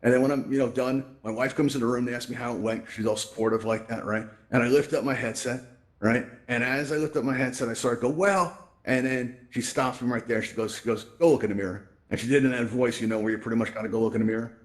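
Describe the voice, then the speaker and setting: A man hosting a virtual reality event, telling stories in a casual, animated way and often checking in with "right?", on a VR headset mic. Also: medium pitch, quick pace. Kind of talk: casual live presentation with storytelling.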